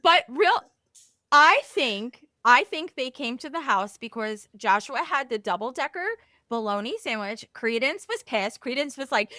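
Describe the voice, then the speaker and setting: A woman co-hosting a podcast in casual chat, playful and expressive. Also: sits high, dry recording, studio quality. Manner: expressive and playful, quick to laugh. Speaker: podcast co-host.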